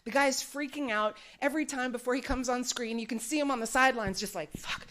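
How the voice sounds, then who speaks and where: A woman's voice: fairly high pitch, quick pace, fairly bright tone. A woman comedian doing live stand-up on a club stage, brash and profane, teasing the crowd.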